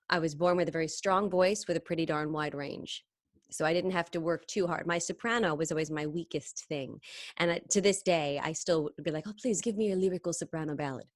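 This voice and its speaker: A woman singer chatting in an interview, telling stories quickly and animatedly, full of tangents. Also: low-pitched, no room sound, studio quality. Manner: fast, animated storytelling with tangents and laughs. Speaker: singer and impressionist, interview guest. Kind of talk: casual interview chat.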